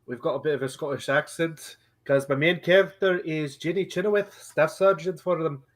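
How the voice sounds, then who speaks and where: Male player, lighter voice, relaxed chatty delivery. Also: fairly high pitch, normal speed. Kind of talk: casual chat.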